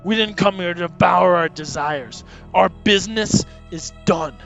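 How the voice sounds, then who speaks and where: A man reading the lines of a huge, menacing male demon warrior, slow and stern, on dull lo-fi audio. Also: high voice, gravelly, a bit bright, heavily acted. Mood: stern, threatening. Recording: dull lo-fi audio, faint music.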